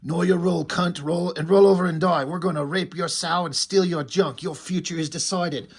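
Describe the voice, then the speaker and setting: A man's voice: a little high, steady tone, moderate pace, husky. Menacing comic-book mutant raiders, taunting from above; a man reads it. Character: threatening male wasteland mutant thugs. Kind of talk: reading comic dialogue aloud.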